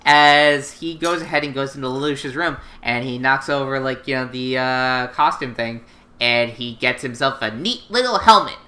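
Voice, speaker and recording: A woman's voice: rumbling low, moderate pace, pushed and bright. A woman co-hosting a casual anime recap podcast, rambling with lots of fillers and casual swearing. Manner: rambling, filler-heavy and profane. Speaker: podcast co-host.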